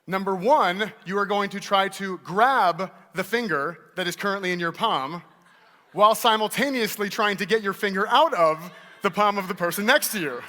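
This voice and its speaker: Keynote speaker, male, playful and energetic, bright tone, echoing large hall. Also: high voice, normal speed. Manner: joking, teasing and energetic. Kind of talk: playful stage talk to a live audience. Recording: hall reverb.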